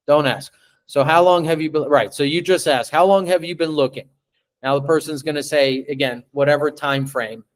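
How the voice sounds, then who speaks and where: Slightly high-voiced man coaching sales. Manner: coaching, acts out phone script lines; frequent tag questions, conversational. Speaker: sales trainer. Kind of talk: live sales training.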